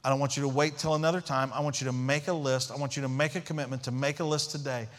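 A man's voice: medium pitch, fairly even intonation, quick pace. A man preaching a sermon as pastor, emphatic, repeating key phrases and asking rhetorical questions.

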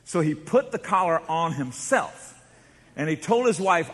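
A man preaching a sermon as pastor, telling stories dramatically and swinging from hushed tones to shouts. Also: on the high side, sing-song, a little slow. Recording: long reverb of a large hall.

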